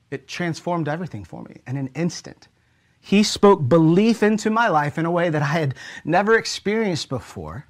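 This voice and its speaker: A young adult man, a pastor from the United States, preaching a sermon with earnest storytelling that drops to a hush at key moments. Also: on the high side.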